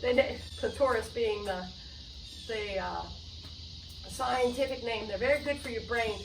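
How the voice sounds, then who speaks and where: At home, in a room with doors open to a yard, a woman show host and singer chats loosely and rambles between songs she plays on ukulele. Her voice is on the high side, a little slow, and gravelly, with background noise, a distant mic, roomy sound, and loud music.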